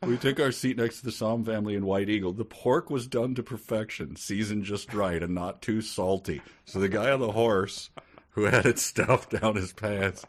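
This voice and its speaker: A man co-hosting a book podcast, telling anecdotes with exasperated, acted-out dialogue. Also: lowish voice. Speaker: podcast co-host. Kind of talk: casual chat and storytelling.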